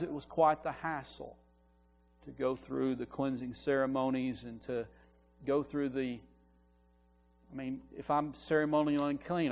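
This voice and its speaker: A man's voice: medium pitch, darkish tone. Earnest male preacher in a reverberant church. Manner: earnest, explanatory, builds emphasis on key words, frequent restarts. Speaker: minister. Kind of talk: sermon with verse-by-verse Bible teaching. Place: church sanctuary.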